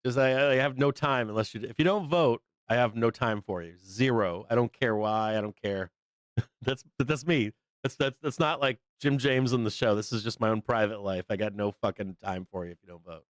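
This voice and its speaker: A middle-aged man ranting off the cuff on his live trading stream, swearing freely and breaking into laughs. His voice is smooth and resonant, recorded close and dry with no room sound. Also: medium pitch, moderate pace, no echo. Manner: blunt, profane, laughs often. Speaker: live trading show host. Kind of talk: casual livestream chat.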